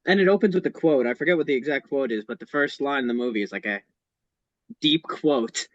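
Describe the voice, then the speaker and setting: A man's voice: medium pitch, a little fast, a bit bright, dry recording, dull audio. A man chatting casually on a podcast, eager and talkative, with many fillers. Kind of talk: casual chat.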